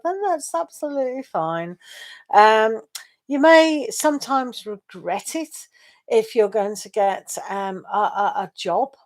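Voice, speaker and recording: Slow-talking woman reading tarot live. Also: fairly high pitch, rough recording. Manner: chatty, reassuring, laughs often, addresses viewers by name. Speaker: tarot reader.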